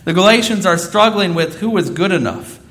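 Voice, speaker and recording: A man's voice: sits high, a little fast, a bit bright. A man in his thirties preaching a sermon, earnest and repeating phrases for emphasis. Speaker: pastor.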